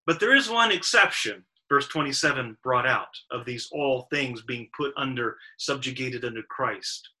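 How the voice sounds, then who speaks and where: Bright-voiced man teaching a Bible study. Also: medium pitch, expressive, normal speed, hardly any pauses, rough recording. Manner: methodical, stressing lists of verbs with emphasis. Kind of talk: Sabbath Bible study lecture.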